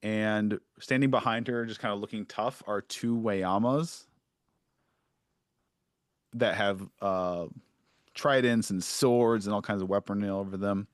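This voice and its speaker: A man's voice: lowish voice, steady tone, a little slow, pauses often, dry recording, studio quality. A man narrating a tabletop game as game master, casual and full of fillers and restarts.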